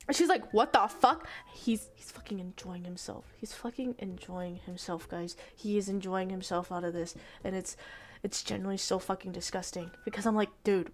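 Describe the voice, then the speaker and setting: A female streamer giving casual commentary, exasperated and swearing a lot. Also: fairly high pitch.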